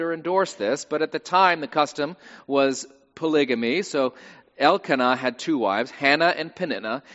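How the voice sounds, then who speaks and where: A male pastor delivers a sermon in a relaxed, conversational way with wry asides. His voice sits slightly high for a man. The recording is dull and lo-fi, with a long church reverb.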